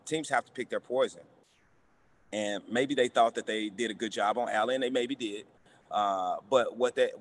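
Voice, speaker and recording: A man, a basketball coach, answering press questions in a halting way, repeating words and using many fillers. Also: mid-range voice, a little hiss or hum.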